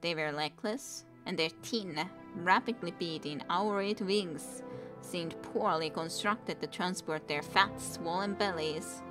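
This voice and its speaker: A woman's voice: fairly low pitch, takes it slowly, over music. A woman streamer reading a book aloud, with wry, chatty asides.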